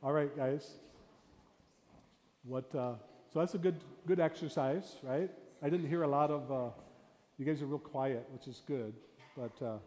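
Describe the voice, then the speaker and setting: A pastor teaching a storytelling workshop, animated, swinging between loud bursts and hushed talk. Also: male voice, medium pitch, a little slow. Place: church hall. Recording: reverberant hall with faint room noise.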